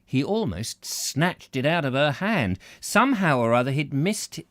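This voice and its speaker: A man's voice: fairly high pitch, sing-song, unhurried, a bit bright, dry recording, clean studio sound. A man hosting a live reading of a novel, narrating expressively with occasional slips and restarts. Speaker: book reader, host.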